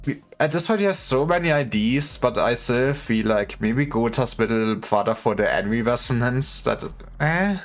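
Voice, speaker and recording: A man's voice: mid-range voice, animated, moderate pace, few pauses. A man streaming a game, rambling casually and thinking aloud with restarts as he plays. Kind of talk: casual gaming commentary. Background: faint game music.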